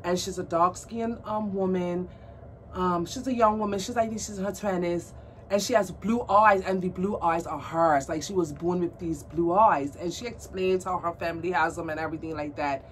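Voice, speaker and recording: A woman's voice: on the low side, steady tone, moderate pace. A woman vlogging a doll unboxing, gushing and squealing with delight as she chats to her viewers. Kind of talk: excited unboxing chat to camera. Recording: distant mic with faint background noise.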